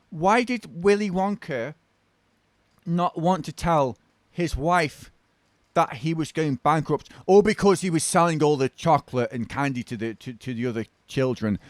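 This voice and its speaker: A man's voice: fairly high pitch, no room sound, close to an everyday voice. A man with a British accent voicing a bored little boy who stammers through a joke and repeats his words.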